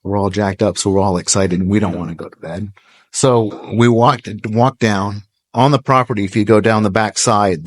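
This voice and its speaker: A middle-aged man preaching a sermon, telling stories with animation and acting out quoted voices. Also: fairly low pitch. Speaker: pastor. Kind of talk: sermon storytelling. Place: church hall, live audience.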